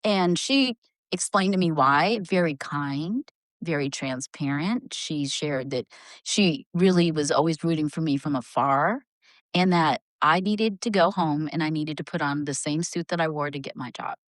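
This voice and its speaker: A middle-aged woman and HR leader, a podcast guest, telling a story in a lively conversational way. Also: deep voice, moderate pace, no room sound. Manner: animated, acts out voices in her stories.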